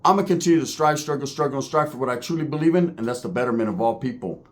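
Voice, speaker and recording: A man's voice: mid-range voice, racing. Middle-aged man ranting in street slang. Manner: streetwise slang, animated, tangents and asides. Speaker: street culture commentator. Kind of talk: casual commentary rant.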